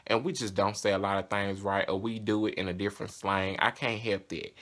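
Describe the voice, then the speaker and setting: A man's voice: lowish voice, steady tone, fairly quick, fairly bright tone. A young man with a Southern US accent, talking casually and candidly to camera in a vlog. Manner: chatty, candid and sassy. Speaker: vlogger.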